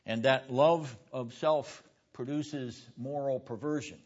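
A man's voice: medium pitch, fairly even intonation, slow pace. Emphatic male lecturer in a classroom. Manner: emphatic, with rhetorical questions; quizzes students by name. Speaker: seminary lecturer. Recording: dull lo-fi classroom recording.

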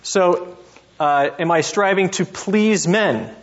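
A man teaching a seminary class on scripture, calling on students by name and thinking through each point aloud. His voice sits a little high for a man. It comes through a dull, lo-fi classroom recording with a faint hiss underneath. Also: slow pace. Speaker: seminary professor. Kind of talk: classroom Bible lesson.

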